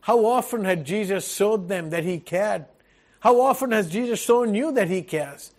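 A man's voice: high voice, lively intonation, moderate pace. A man preaching a sermon as pastor, earnest, asking rhetorical questions and repeating key phrases.

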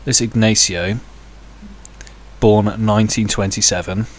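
Rambling man with lower voice. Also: steady tone, a little slow. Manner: rambling, hesitant with many fillers, crude jokey asides. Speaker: podcast host. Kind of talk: casual solo podcast chat.

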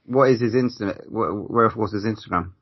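A man co-hosting a casual podcast, relaxed and quick with short reactions. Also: on the low side, breathy edge, no echo, muffled recording. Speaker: podcast co-host.

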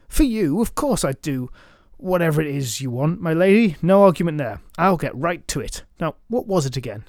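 A man voicing a boastful, lecherous, drunken knight, all loud blustering bravado. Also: fairly high pitch, very animated, moderate pace, no echo, clean studio sound, pitched above the performer's own voice. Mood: flustered.

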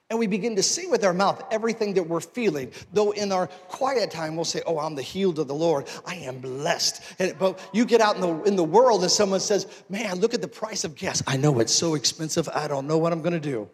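High-voiced preacher man in reverberant hall. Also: lively intonation, normal speed. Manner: conversational preaching that builds to forceful exhortation. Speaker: pastor. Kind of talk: sermon.

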